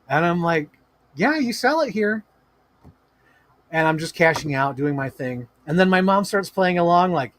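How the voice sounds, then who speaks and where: A man hosting a toy-collecting live stream at home, telling stories in a casual, animated way with lots of swearing and laughter. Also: on the high side, moderate pace, no room sound. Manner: animated, profane, laughing storyteller. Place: home room with toy shelves.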